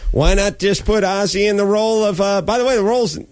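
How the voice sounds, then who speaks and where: A man's voice: high voice, fast, no room sound. A middle-aged man, a comedian telling a long story in casual chat, ranting, swearing and acting out what other people said. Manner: animated ranting, acts out quoted people, swears. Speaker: comedian and sitcom creator.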